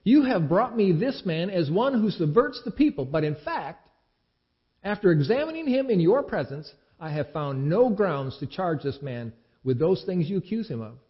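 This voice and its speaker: A man's voice: high voice, very animated, moderate pace, voice pushed up. A man voicing an uneasy Roman governor. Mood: pressing. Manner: emphatic, rising declarations. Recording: dull lo-fi recording.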